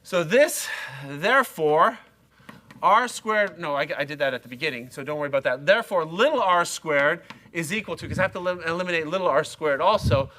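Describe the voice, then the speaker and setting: A man's voice: a little high, pushed and bright. A middle-aged man lecturing a university class, chatty and self-mocking, talking straight to his students. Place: lecture hall.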